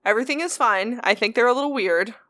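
A woman's voice: fairly high pitch, fast talker, pushed and bright, dry recording, studio quality. A young woman in casual chat, reacting with exclamations and then launching into her own story. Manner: reactive, encouraging listener, exclamatory.

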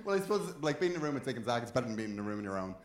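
A man's voice: medium pitch, big pitch swings, racing, echoey room, heavy background noise. A man hosting a casual chat, chuckling and rambling through his questions. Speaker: host.

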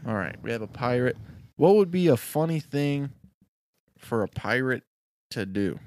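A man's voice: mid-range voice, measured pace, a little hiss or hum. A man brainstorming a short film, telling a long folk tale with animation. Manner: animated storyteller. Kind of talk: casual brainstorming chat.

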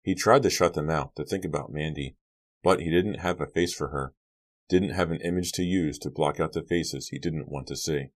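A man narrating an audiobook in an even, measured storytelling voice. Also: extremely low pitch.

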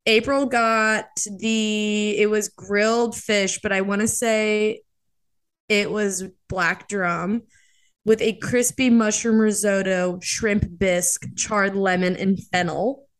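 A woman's voice: mid-range voice, fairly even intonation, slow, smooth. A young woman co-hosting a podcast in casual chat, telling stories with lots of fillers and acting out quotes. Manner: chatty storyteller, acts out quotes, many fillers. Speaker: podcast co-host.

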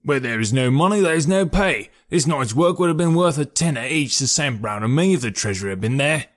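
A man voicing a gloomy, despondent police inspector with a slightly raised pitch. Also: animated, a little fast, lightly acted.

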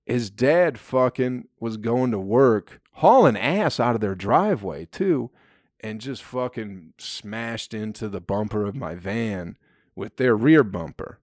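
A man's voice: fairly low pitch, lively intonation, takes it slowly, dry recording, clean studio sound. A young man casually telling a story, laid-back, swearing freely and laughing often.

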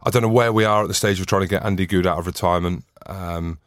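Male podcast host, low voice, dry sound, jokey and chatty while he runs the show. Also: steady tone, fast, no room sound. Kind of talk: casual podcast banter.

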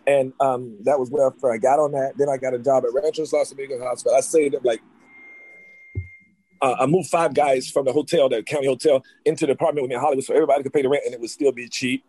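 A man from North Carolina, an actor, telling his life story in an interview with rapid, excitable talk full of restarts. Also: mid-range voice. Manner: rapid, excitable, jumps back and forth with restarts.

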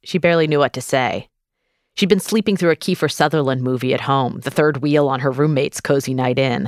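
A woman hosting a podcast, reading scripted narration in a measured, storytelling way. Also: extremely low pitch, no room sound, clean studio sound. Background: faint music.

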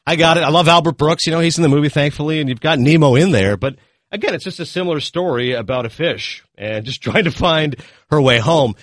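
A man reviewing films in a casual chat, animated and retelling scenes with quick asides. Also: fairly high pitch, dry recording, clean studio sound. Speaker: film critic.

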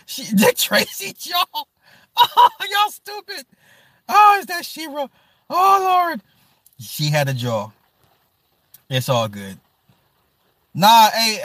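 Animated, laughing man streamer. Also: high voice, no room sound, clean studio sound. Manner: animated, profane, laughs often, reads and answers chat. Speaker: livestream host. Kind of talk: casual stream chat.

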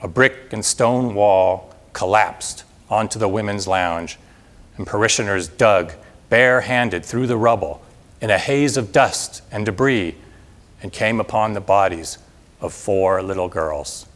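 Low-voiced man reading a dramatic account. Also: measured pace, a bit bright. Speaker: speaker reading historical narration. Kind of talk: read narration, then addressing an audience.

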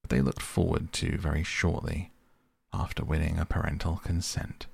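A man softly reading a classic tale aloud as a bedtime sleep story. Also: very deep voice, little pitch movement, gravelly, slightly rough, no echo. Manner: softly spoken, unhurried. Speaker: audiobook narrator, podcast host.

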